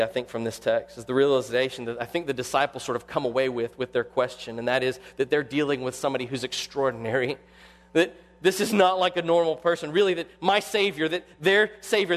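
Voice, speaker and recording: A male pastor preaching a sermon with animated delivery, acting out quoted voices. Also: fairly high pitch, fairly quick, in a large hall.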